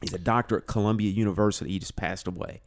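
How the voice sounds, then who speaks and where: Male podcast guest, lowish voice, animated conversational storyteller. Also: rapid-fire. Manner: animated storyteller, acts out quoted dialogue, many "you know"s. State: emotional, choked up. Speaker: podcast guest, drum teacher. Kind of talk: casual storytelling chat.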